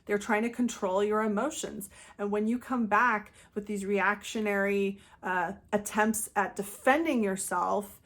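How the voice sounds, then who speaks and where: A woman calmly and earnestly giving advice in a monologue, now and then acting out quoted pleas in a raised voice. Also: measured pace, few pauses. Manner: calm, earnest, acts out quoted pleas in higher voice. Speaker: channel host giving advice.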